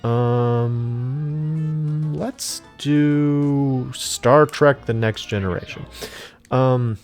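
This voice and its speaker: A man's voice: mid-range voice, fairly even intonation, extremely slow, darkish tone, soft background music. Rambling, forgetful man narrating gameplay. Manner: rambling, forgetful, many fillers. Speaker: let's play host. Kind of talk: casual gameplay commentary.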